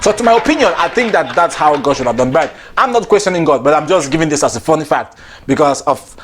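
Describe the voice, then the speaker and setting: A man's voice: a little high, animated, fast, fairly bright tone, a little hiss or hum. A man delivering a chatty, preachy comic monologue, repeating himself and laughing between lines. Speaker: comedian.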